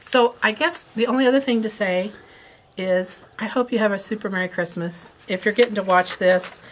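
A chatty woman hosts a quilt shop video, rambling along with playful asides about fabrics and kits. Her voice sits at an everyday middle pitch, with a faint hiss of noise behind it. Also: moderate pace. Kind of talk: casual product chat.

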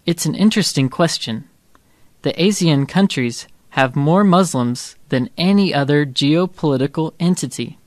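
A man's voice: on the high side, normal speed, dry recording, close to an everyday voice. A man playing a father who patiently answers his child's homework questions in a scripted textbook dialogue. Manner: calm, patient explaining. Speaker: textbook audio actor.

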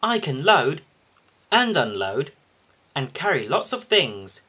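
A man's voice: on the high side, slow, husky, heavily acted. A man voicing an eager, proud young male front loader machine in a storybook reading. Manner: excited and proud.

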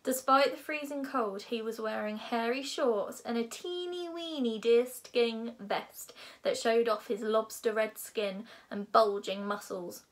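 A woman reading a children's novel aloud in a lively, expressive way. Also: fairly high pitch, measured pace, few pauses. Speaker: reader.

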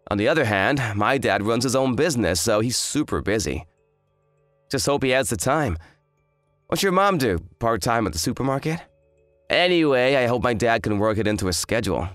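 A man's voice: medium pitch, lively intonation, normal speed, fairly bright tone, dry recording, soft background music, close to an everyday voice. A man voicing an arrogant, hungover young fiancé who talks in a smug, dismissive drawl. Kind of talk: dramatized story voice acting.

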